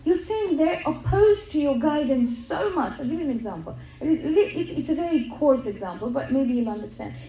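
A woman's voice: high voice, expressive, moderate pace, hardly any pauses, mellow, reverberant, a little hiss or hum, rough recording. A middle-aged woman giving an earnest religious talk, telling stories and repeating words for emphasis. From England. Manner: earnest storytelling with emphatic repetition. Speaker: religious speaker.

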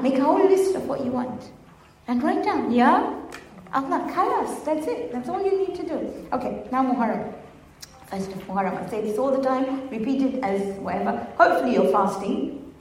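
A woman's voice: high voice, a little mellow, a little hiss or hum. A woman giving a religious talk to a gathering, speaking conversationally and asking the audience questions. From Gujarati-speaking community. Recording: echoey hall, voice from far off.

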